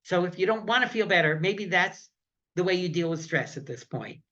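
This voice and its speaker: Male workshop presenter for caregivers, conversational, comic-strip examples; high, bright voice, slightly muffled recording. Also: moderate pace. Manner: relaxed, conversational delivery.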